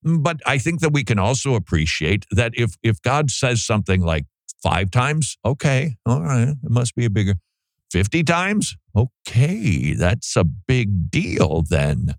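An emphatic male preacher whose pitch swings widely as he drives his points home. The sound is dry and close, with no room echo. He often mocks opposing arguments in a mimicking voice. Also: big pitch swings, a little slow. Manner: emphatic, mocking the views he argues against in mimicked voices. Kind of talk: sermon-style teaching.

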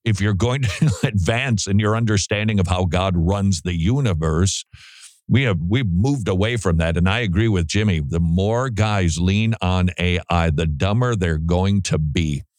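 A man hosting a talk show, giving casual commentary on theology in an animated way with sarcastic mock-quoting. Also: sits low, measured pace, no echo, clean studio sound.

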